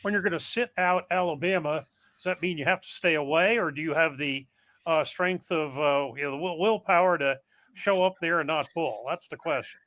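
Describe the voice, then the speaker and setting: A man's voice: on the high side, a little fast, a bit bright. A male host asking questions and making dry remarks while reading out the live chat. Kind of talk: casual podcast chat.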